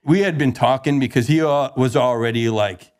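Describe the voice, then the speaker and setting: A young man chats casually on a podcast, mid-pitched and relaxed. He tells his story in loose slang and jumps into other people's lines as he quotes them. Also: moderate pace, smooth. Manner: animated, slangy, acts out quoted dialogue. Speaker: podcast guest telling his recovery story.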